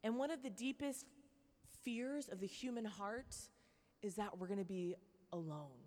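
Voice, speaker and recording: A young woman giving a lively faith talk to women, chatty and playful with many likes and okays. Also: mid-range voice, unhurried, in a large hall. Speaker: speaker at a Christian women's event.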